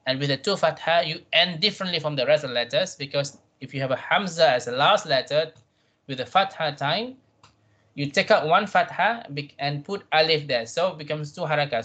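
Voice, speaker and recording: A man teaching a Quran reading class, patient, often repeating himself and checking in with "right?", drawing out Arabic words slowly to model them. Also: on the high side, pushed and bright, muffled recording. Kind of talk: tajweed revision class.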